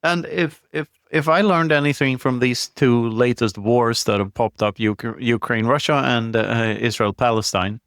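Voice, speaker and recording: A man's voice: mid-range voice, moderate pace, few pauses, fairly bright tone, clear, resonant tone, dry recording, studio quality. A man speaking as a podcast guest, blunt and opinionated, laughing often and swearing freely. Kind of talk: casual conversation.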